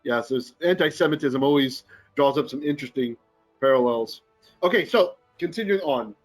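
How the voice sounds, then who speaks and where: A man teaching a Torah lesson in an animated, jokey way, often checking in with his listeners. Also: medium pitch, moderate pace, faint music behind. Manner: animated, jokey teaching with frequent "right?" asides. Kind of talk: live-streamed Bible lesson. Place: Philippines.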